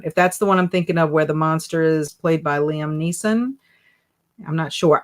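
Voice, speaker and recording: A woman hosting a casual live stream, chatty and animated as she reads viewer comments aloud and reacts to them. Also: fairly low pitch. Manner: animated and emotional. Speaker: livestream host.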